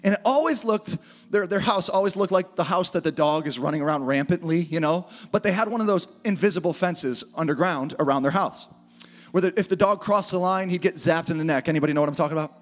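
A man preaching an energetic sermon to a church audience, often shouting for emphasis. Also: on the high side, fast talker. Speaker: pastor. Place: church auditorium with live audience.

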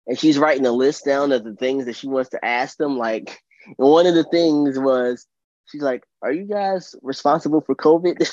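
A man's voice: medium pitch, moderate pace, a little mellow, no room sound. A man hosting a casual podcast chat, enthusiastic, laughing often and restarting his sentences. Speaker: podcast host. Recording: dull, dry lo-fi sound.

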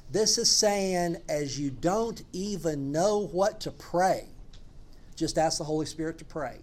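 A man's voice: a little high, measured pace, darkish tone. A man preaching a sermon as a pastor, earnest and emphatic, building his points through repeated phrases.

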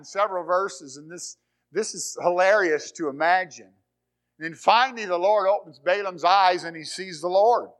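A man preaching a sermon, reading scripture aloud and retelling the story in an animated way. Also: on the high side. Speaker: pastor.

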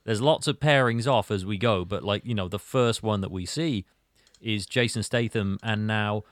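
A man hosting a casual podcast chat about a film, talking in an animated, rambling way. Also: on the low side, moderate pace, no room sound, studio quality. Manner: animated, rambling, acts out quotes. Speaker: podcast host.

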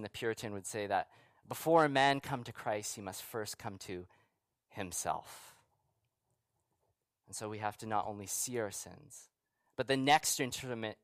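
A pastor preaching a sermon in a conversational way, with rhetorical questions and asides, sometimes dropping to a soft, quiet voice for emphasis. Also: male voice, medium pitch, no room sound.

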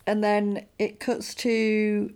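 A woman, co-hosting a podcast and recapping a film in a casual chat, animated and acting out quotes. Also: mid-range voice, drawn-out words, smooth. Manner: animated storyteller, acts out quotes.

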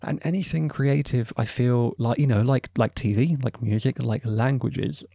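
In a mid-range voice that's creaky and dark in tone, a young man talks at normal speed with no echo. He's a university student running a podcast on his own, rambling through opinions and side remarks.

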